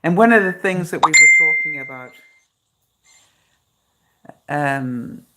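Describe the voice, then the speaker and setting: A middle-aged woman with a low voice talks casually into her phone on a live broadcast. She chats with viewers, laughs easily and leans on dry, sarcastic humor. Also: slow, very noisy. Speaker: vlogger hosting a live broadcast. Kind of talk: casual live-stream chat.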